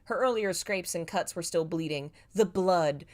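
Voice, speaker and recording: A woman's voice: lowish voice, normal speed. A woman reading her old fanfiction aloud live and making joking asides about it. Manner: self-mocking, laughs at her own writing.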